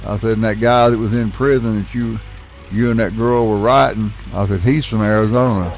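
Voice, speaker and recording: A man's voice: lowish voice, steady tone, a little fast, faint music behind. A middle-aged man, telling a rambling, folksy story with casual swearing while he plays a game. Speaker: gaming channel host.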